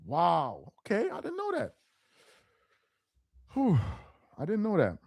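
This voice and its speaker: A talkative man reacts to his chat on a live stream, his fairly high voice swinging widely in pitch as he keeps circling back to the same point. He laughs easily, and the sound is dry and close with no room echo. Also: slow, creaky, breathy edge. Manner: animated and talkative, repeats himself, laughs easily. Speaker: live stream host reading viewer chat.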